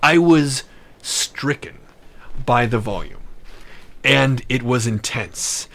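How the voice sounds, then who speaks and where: A man telling a wild personal story in a casual, animated, profane way, with many restarts. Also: medium pitch, slow.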